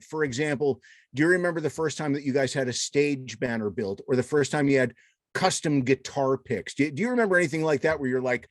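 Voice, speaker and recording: A man's voice: medium pitch, fairly quick, no room sound, studio quality. A male radio host interviewing a musician, joking around and swearing casually. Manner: jokey, swears freely.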